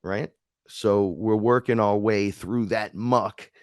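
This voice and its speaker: Low-voiced man telling animated spiritual stories. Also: slow, no echo, studio quality. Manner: emphatic, rambling with restarts. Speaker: guest. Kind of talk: spiritual storytelling chat.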